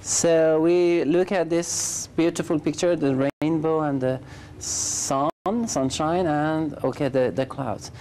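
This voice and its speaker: A woman's voice: low-pitched, steady tone, slow pace, hardly any pauses, dark tone, slight background noise. A woman teaching English conversation in class, patiently correcting and repeating her students' sentences.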